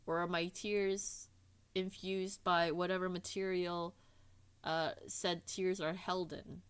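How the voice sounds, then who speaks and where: A woman's voice: lowish voice, steady tone, slow, clean tone. A woman streamer in casual chat with her audience, bubbly and giggly, teasing herself in a playful way.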